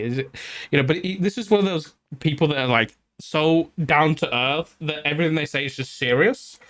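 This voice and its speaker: A man with a fairly high voice, chatting casually to his stream audience. He tells his story in an animated way, swears freely and laughs through the funny parts. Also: fairly quick.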